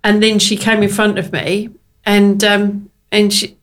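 A woman's voice: mid-range voice, a little slow. Woman guest, casual anecdote teller, laughs through her stories. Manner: chatty, laughing, animated retelling. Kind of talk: casual chat, storytelling.

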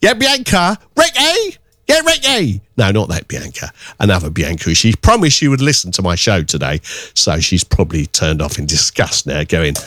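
A man working as a radio DJ, chatting casually and teasing listeners as he sends out shout-outs from a studio microphone. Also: low-pitched, lively intonation, normal speed, no echo. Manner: jokey, teasing, rambling.

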